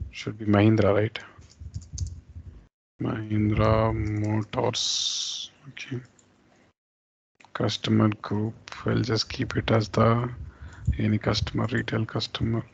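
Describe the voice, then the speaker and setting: A man teaching an accounting software class over a screen share, explaining step by step and repeating terms as he goes. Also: on the low side, completely flat delivery, unhurried, gravelly, long pauses, muffled recording, a little hiss or hum. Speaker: software instructor.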